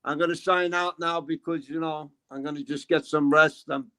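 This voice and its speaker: A tired guest on a livestream, a man with a bright, fairly high voice. He talks in a laid-back way and swears casually. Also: steady tone, moderate pace, smooth. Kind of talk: casual chat.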